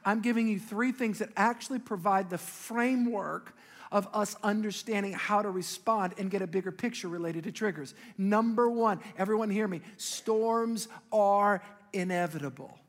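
A male pastor with a very high voice, preaching a sermon in a big church hall with a long echo. He tells the story vividly, rising loud and then dropping to quiet, pointed emphasis. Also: normal speed. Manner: animated storytelling with sudden drops to quiet emphasis.

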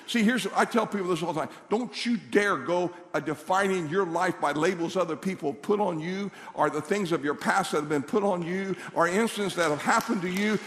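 A pastor preaching a sermon in a church hall, telling a Bible story with acted-out voices and building to shouted declarations. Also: male voice, sits high, brisk.

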